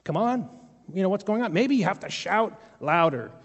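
A man's voice: on the high side, moderate pace, close to an everyday voice. A man doing a taunting prophet. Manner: teasing, sarcastic. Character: mocking prophet taunting rivals, male, adult. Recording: long hall reverb.

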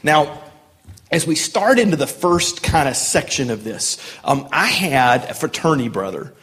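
A man leads a Bible study in a lively, conversational way, full of fillers and restarts. His voice sits a little higher than most men's and swings widely in pitch. He slips into playful sarcastic tones when he reads scripture aloud. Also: unhurried. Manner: animated, acts out sarcastic voices when reading. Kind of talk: teaching a Bible passage to a group.

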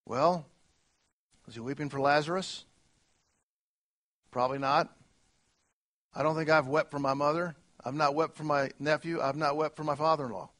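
A male pastor preaching a sermon earnestly, moving between soft, slow lines and emphatic ones. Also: fairly high pitch, fairly even intonation.

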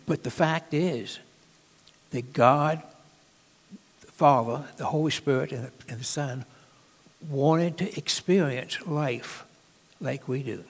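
A man preaching a sermon in a conversational, halting way, with asides to the congregation. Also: medium pitch, big-room sound.

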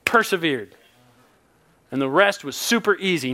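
A man in his thirties, a pastor, preaching a sermon with animated personal stories and laughing asides. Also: high-pitched, normal speed.

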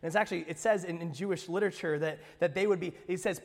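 A man pastor preaching an Easter sermon, expressive, swinging from hushed lines to emphatic ones with playful asides. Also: high voice, fast, vocal fry, few pauses, big-room sound. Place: church sanctuary.

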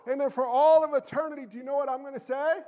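Animated high-voiced preacher in echoey hall. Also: male voice, quick pace. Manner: animated, jokey, with shouted emphasis. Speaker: pastor. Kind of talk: sermon.

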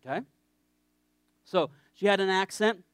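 A man's voice: sits high, measured pace, a bit bright, smooth, no room sound, clean studio sound. A man preaching a sermon in a conversational, joking way, often checking in with his listeners.

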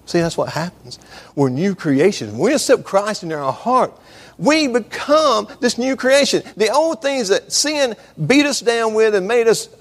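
A man preaching, his voice sitting a little high for a man. He tells stories in a loose, conversational way and often starts phrases over. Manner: conversational storytelling with restarts. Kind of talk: sermon.

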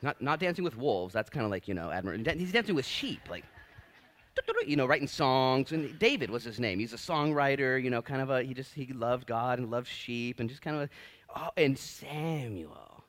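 A man preaching a sermon as pastor, animated and acting out the voices in his stories. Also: mid-range voice, moderate pace.

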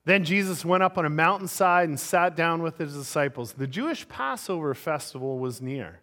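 A man preaches to his congregation, telling stories with lively delivery and acting out their characters. His voice sits a little high for a man. A long reverb from the large hall trails behind every phrase. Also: normal speed. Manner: animated storyteller, voices the people in his stories. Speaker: pastor. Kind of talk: sermon with storytelling.

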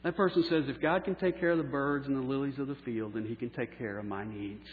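A pastor preaching a sermon, slowing down for key phrases and letting line endings trail off softly. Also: male voice, medium pitch, slight background noise. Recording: echoey hall on a tinny phone-like line.

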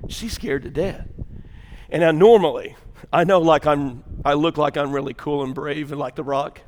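An older man, preaching a sermon in a church with folksy storytelling, going from loud and animated to hushed and intense. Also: on the high side, moderate pace, long reverb tail. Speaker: pastor.

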